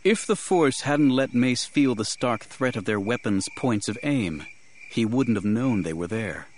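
A man giving measured, grave first-person audiobook narration. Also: medium pitch, lively intonation, slight background noise.

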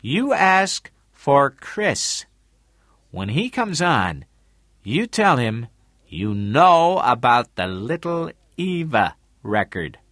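A man voicing a scheming middle-aged man who gives hurried instructions. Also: mid-range voice, very animated, fairly bright tone, dry recording, clean studio sound, voice pushed up, full character voice.

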